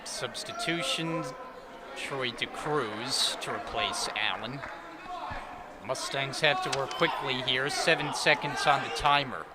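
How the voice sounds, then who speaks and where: Slow, measured man calling basketball. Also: mid-range voice. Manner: measured calls that jump to shouts on big plays. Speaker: play-by-play announcer. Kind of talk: live basketball commentary. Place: college basketball arena. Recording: loud crowd and arena noise. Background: loud crowd and bouncing ball.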